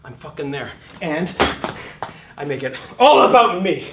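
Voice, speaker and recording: Loud swearing acting teacher guy, acts out scenes, kinda far off the mic in a roomy hall, light hum behind. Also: fairly high pitch, big pitch swings, a little slow. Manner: profane, acts out voices and shouts mid-talk. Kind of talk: animated lecture acting out scenes. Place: lecture room. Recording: echoey room, heard from off mic.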